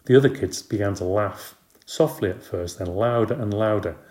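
A man reads a children's storybook aloud in a low voice. His reading is steady and expressive. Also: moderate pace. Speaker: audiobook narrator. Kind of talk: storybook narration.

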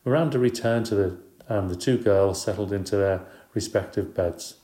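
A man's voice: lowish voice, normal speed, warm tone, echoey room. A man narrating a children's story in the first person, in a light, chatty, playful way. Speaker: audiobook narrator.

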